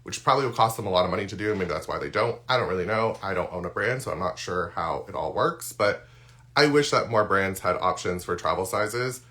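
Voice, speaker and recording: Low-pitched yet pushed and bright, this man's expressive voice moves a little fast even as it's giving out. The skincare content creator talks casually during a live-stream unboxing, full of ums and restarts.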